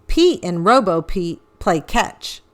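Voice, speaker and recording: A woman reading a children's storybook aloud with an expressive, animated storytelling manner. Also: on the low side, slow pace, very noisy. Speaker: children's book reader.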